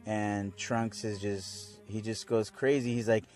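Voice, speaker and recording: A young man rambles through a casual episode recap in a lowish voice, laid-back and full of fillers. Faint music sits under him. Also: little pitch movement, slow pace, few pauses, a little mellow. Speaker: fan video reviewer.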